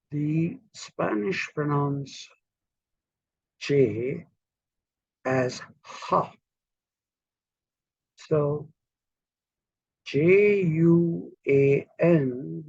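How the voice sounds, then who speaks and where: A man from India lecturing a class in a slow, deliberate way, spelling words out letter by letter. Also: fairly high pitch, vocal fry, a little mellow, slightly rough, dry recording, lo-fi sound.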